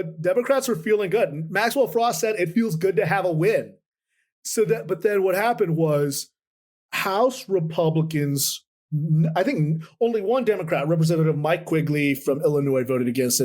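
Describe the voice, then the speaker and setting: A man who is a political reporter, telling stories from the Capitol in a conversational interview, animated and full of restarts. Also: on the high side. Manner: animated, quotes people in lively voices, many restarts.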